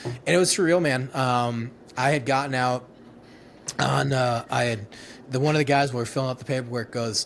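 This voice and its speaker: A man in his thirties, a former Marine, tells his stories in a loose, profane, laughing way. His voice sits at an ordinary middle pitch. Faint background noise runs under the recording. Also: steady tone, moderate pace, gravelly. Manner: rambling, profane, laughing retelling with many restarts. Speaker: guest, former Marine infantryman. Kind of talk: casual storytelling interview.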